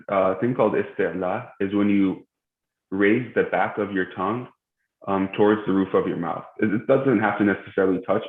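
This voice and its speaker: A young man with a low, deep voice leads a live recitation lesson, pausing often with fillers and correcting himself. His voice carries the echo of a large prayer room. The stream sounds thin and phone-like. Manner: hesitant, many filler sounds, self-correcting. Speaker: tajweed teacher. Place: mosque. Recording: echoey, tinny phone-like stream.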